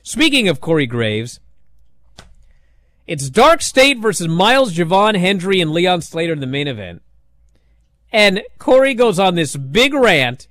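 A man hosting a wrestling recap show, talking in a sarcastic, animated way and acting out what others said. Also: high-pitched, a little slow, long pauses, no room sound, clean studio sound. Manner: sarcastic, animated, acts out quotes. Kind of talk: casual recap commentary.

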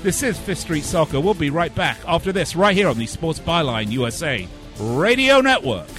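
A man's voice: fairly high pitch, moderate pace, loud music behind the voice. A man hosting a sports talk radio show, chatty and hyped, with frequent "uh"s. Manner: lively, hyped plugs with filler "uh"s.

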